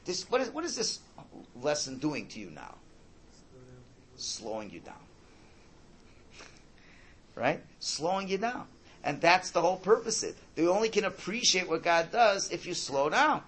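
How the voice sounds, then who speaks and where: A man teaching a religious class, explaining slowly, repeating his key points, and often checking in with "right?". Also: high voice, big pitch swings, fairly bright tone, slight background noise. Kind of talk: classroom Torah lesson.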